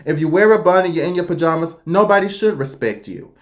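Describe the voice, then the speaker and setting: A woman from the United States giving blunt, opinionated reaction commentary, with an emphatic delivery and sudden jumps in pitch. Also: fast. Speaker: reaction video host.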